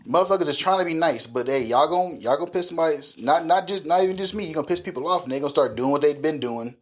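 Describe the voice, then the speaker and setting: A man's voice: a little high, racing. A man co-hosting a podcast, talking in casual, profane chat with a blunt, slangy, ranting delivery. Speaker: podcast co-host.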